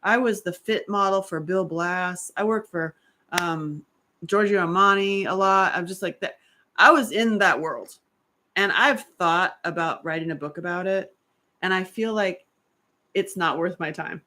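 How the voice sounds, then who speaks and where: A middle-aged woman telling a story in a casual monologue, animated and blunt, laughing often and swearing freely. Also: fairly low pitch, a little slow. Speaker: author and host.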